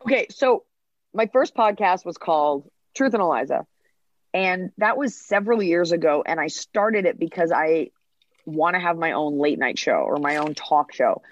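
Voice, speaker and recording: A woman comedian in her thirties, a podcast guest, telling quick, chatty stories and acting out quoted lines in casual interview talk. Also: deep voice, lively intonation, no echo, muffled recording.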